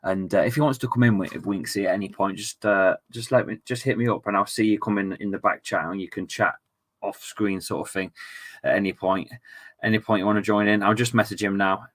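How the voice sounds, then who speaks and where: A man's voice: lowish voice, steady tone, a little fast, fairly bright tone. A young man chatting casually on a football live stream, reading viewer messages aloud and laughing often.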